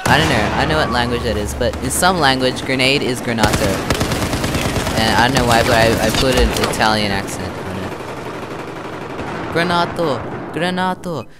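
Narrating his moves as he plays, a young Australian man hosts gameplay commentary for his gaming channel, talking a little fast in a medium-pitched voice. Heavy background noise and loud in-game gunfire sit behind his voice.

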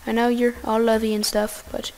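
A woman giving goofy, excitable casual gameplay commentary, talking to the animals in her game. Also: a little high, normal speed.

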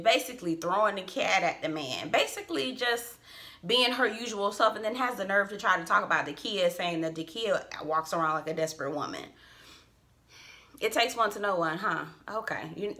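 Bright, chatty woman reviewing TV. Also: mid-range voice. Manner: animated, laughing asides, slangy and playful. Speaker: TV review vlogger. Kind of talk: casual chatty TV recap. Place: at home.

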